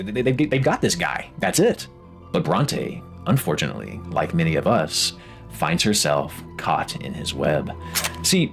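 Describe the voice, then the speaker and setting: A man narrating a scripted video essay, expressive and rising for emphasis, with a music bed under his voice. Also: deep voice.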